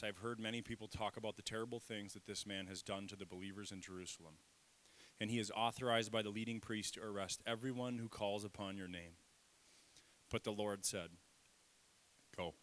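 Lively low-voiced male pastor preaching. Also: quick pace. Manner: lively, self-deprecating, leads congregation call-and-response. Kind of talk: sermon. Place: church sanctuary.

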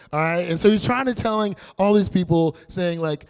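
Young male youth pastor, playful storyteller, slightly high voice. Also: normal speed, hardly any pauses, clear, resonant tone. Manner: animated, playful storytelling with acted quotes. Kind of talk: casual youth sermon.

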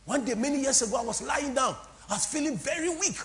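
A woman's voice: high voice, animated, fast talker. Impassioned woman pastor preaching. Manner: impassioned, repetitive, swings from soft to loud, sing-song. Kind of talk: preaching a sermon with call-and-response. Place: church before a congregation.

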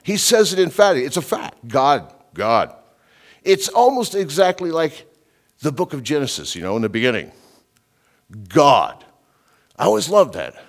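In a relaxed verse-by-verse sermon, this middle-aged man, a preacher who also teaches the Bible on radio, speaks conversationally and emphatically, digressing from his notes and saying "you know" a lot. He talks at a normal speed in a slightly high voice that swings widely in pitch.

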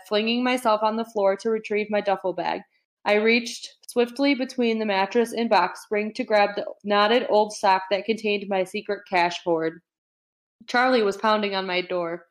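A woman's voice: medium pitch, fairly even intonation, moderate pace. Chatty young woman reading aloud. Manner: chatty, filler-heavy, laughs easily. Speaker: podcast host reading aloud. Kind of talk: casual book read-along with commentary.

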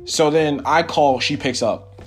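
A young man hosting his own podcast, telling a personal story in a rambling, animated, profane way with lots of fillers. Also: fairly high pitch, a little slow, faint music behind. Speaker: podcast host. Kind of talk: casual solo storytelling.

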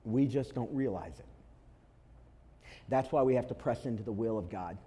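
A man preaching a sermon to his congregation as pastor, telling an animated story and driving points home with emphatic repetition. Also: medium pitch, moderate pace, husky. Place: church before a congregation.

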